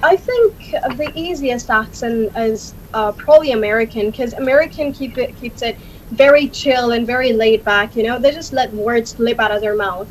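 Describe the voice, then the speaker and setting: A woman with a high, light voice, speaking as an interview guest. She talks chattily, leaning on fillers like "like" and "uh" and often restarting her sentences. A faint rumble sits underneath her voice. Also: moderate pace, poor audio. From India. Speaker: guest, accent learner. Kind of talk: casual interview answers.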